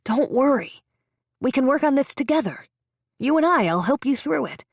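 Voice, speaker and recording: A woman's voice: high-pitched, lively intonation, moderate pace, dry recording, studio quality, pitched above the performer's own voice. A woman voicing a controlling husband who reassures in a soothing, patronizing way. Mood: falsely soothing. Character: smooth-talking husband, controlling, falsely reassuring.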